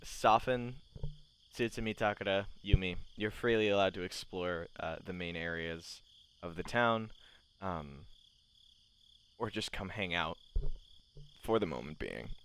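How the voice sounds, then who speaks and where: A man's voice: deep voice, animated, measured pace, pauses often, fairly bright tone, clean tone. A man narrating casually as game master, with many fillers.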